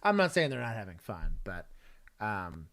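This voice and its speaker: A man with a Texas accent, a former police officer co-hosting a casual livestream, laid-back and often laughing, his sentences trailing off softly. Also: on the low side, big pitch swings, moderate pace.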